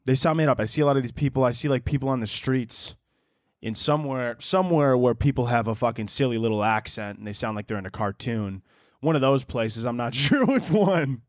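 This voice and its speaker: A man's voice: medium pitch, animated, fairly quick, dry recording, clean studio sound. A young man hosting his own podcast solo, rambling in a profane, self-mocking way and laughing often at his own jokes. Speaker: podcast host. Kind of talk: casual comedic podcast monologue.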